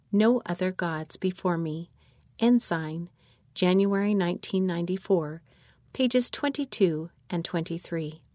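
A woman reading a children's church lesson manual aloud in a measured, instructional way. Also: fairly low pitch, darkish tone, no room sound, studio quality.

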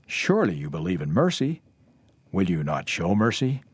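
A man's voice: sits low, big pitch swings, moderate pace, slightly rough, dry recording, heavily acted. A man voicing a pleading male debtor facing prison, read out plainly and earnestly.

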